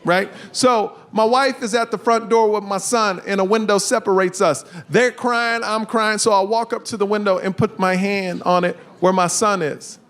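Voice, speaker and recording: A man doing a stand-up comedy set, telling an animated story and acting out the people in it with big jumps in his voice. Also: sits high, moderate pace, few pauses. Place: comedy stage before a live audience. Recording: live stage mic with crowd laughter. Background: audience laughter.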